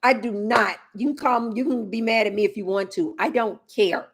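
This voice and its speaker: Speaking slightly fast in a voice on the high side, a woman vlogs about lifestyle topics in a chatty, emphatic way. She frequently turns to speak straight to her audience.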